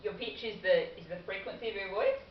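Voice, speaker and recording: A woman trainer gives a friendly workplace communication lesson in a training room, in the style of classroom training talk. Her mid-range voice is a little fast, and the dull, roomy recording is made from far away with slight background noise.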